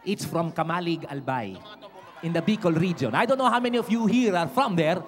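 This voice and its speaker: A middle-aged male singer doing playful, animated patter with a live audience from a large stage. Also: a little high, brisk, some chatter behind. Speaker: concert singer and performer. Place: large indoor event stage.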